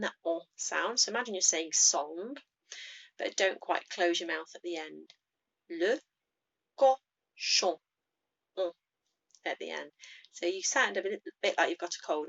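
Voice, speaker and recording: A woman teaching beginners the names of farm animals in French, speaking slowly and patiently as she shows how each sound is made. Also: fairly low pitch, gravelly, fairly bright tone, lo-fi sound. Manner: slow, patient, demonstrates pronunciation. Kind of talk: language lesson for beginners.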